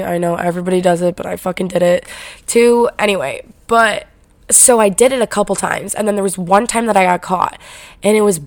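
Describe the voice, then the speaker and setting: A woman's voice: mid-range voice, vocal fry, dry recording. A young woman casually telling college stories, chatty, full of "like" fillers and swearing. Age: young adult. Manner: chatty, heavy "like" fillers, frequent swearing and laughing. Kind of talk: casual storytelling monologue.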